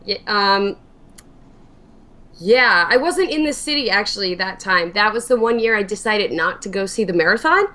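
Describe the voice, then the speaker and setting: A woman's voice: mid-range voice, expressive, normal speed, pushed and bright. A young woman from New Jersey, a guest streamer, rambling chattily with fillers and swearing. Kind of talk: casual interview chat.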